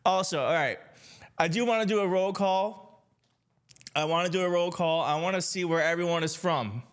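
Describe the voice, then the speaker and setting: A man from Michigan hosting a political live stream, chatting casually and excitedly with his viewers. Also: high voice, normal speed, clear, resonant tone. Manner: upbeat, hyped, addresses chat directly, laughs often. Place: home setup in D.C.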